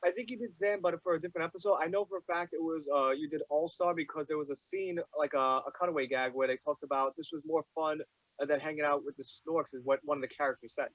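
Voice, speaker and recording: A young man hosting an interview, asking eager, halting fan questions with many fillers. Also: a little high, fairly even intonation, a bit bright, no room sound. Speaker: podcast host. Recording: dull dry lo-fi mic.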